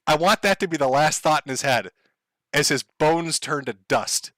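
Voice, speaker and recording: Brief: male livestream host, sarcastic rambling rant, bright and forceful, dry close sound. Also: fairly high pitch, moderate pace, no echo. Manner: rambling, profane, sarcastic, laughs often. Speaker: streamer.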